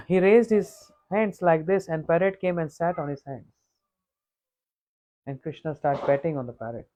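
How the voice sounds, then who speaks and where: A man telling a devotional story as a monk, unhurried and repetitive, often clearing his throat. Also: high-pitched, mellow, lo-fi sound. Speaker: monk giving a scripture talk. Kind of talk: sermon storytelling.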